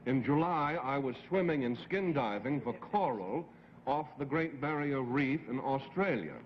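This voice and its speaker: A man hosting a game show, quick and wry, playing along as a mock murder suspect. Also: mid-range voice, expressive. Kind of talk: game show hosting and comic role-play. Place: TV studio before an audience. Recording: lo-fi 1960s TV audio with hiss.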